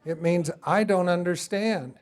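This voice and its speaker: Lively man lecturing a class. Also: high voice, a little slow. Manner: lively, talks to the class and asks for input. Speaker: instructor.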